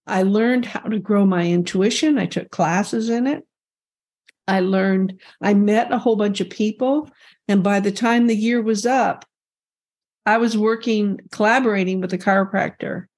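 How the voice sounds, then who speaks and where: A woman's voice: medium pitch, a little slow. Older woman telling her story. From California. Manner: chatty, animated storytelling. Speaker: guest, energy healer. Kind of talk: storytelling interview.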